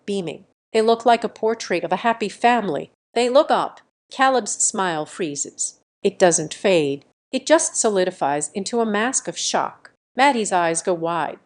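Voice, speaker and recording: A woman narrating a first-person drama story in a calm, measured, dramatic way. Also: mid-range voice.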